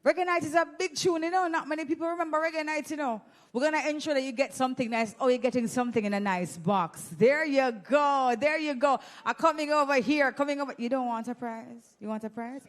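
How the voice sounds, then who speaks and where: Jamaican woman MC, high voice, teasing crowd-work host on a handheld mic. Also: brisk. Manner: playful, teasing, exclamatory. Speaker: event host. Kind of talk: lively audience giveaway hosting. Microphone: handheld microphone.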